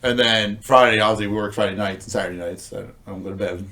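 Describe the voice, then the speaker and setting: A man's voice: on the low side, fairly even intonation, fast, bright, forceful tone. A man who bartends, chatting as a guest and trading teasing, profane jokes. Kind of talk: casual chat.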